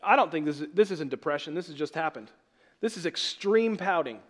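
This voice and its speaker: A man preaching a sermon as pastor, emphatic, asking rhetorical questions and swinging from loud to soft. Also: a little high, expressive, fairly quick.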